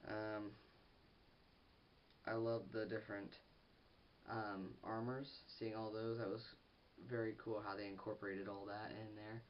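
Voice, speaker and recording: A teenage boy rambling through a lo-fi vlog. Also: lowish voice. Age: teens. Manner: rambling and excitable, with restarts and giggles. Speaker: movie reviewer. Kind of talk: casual film review vlog. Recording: distant, dull lo-fi audio with faint hiss.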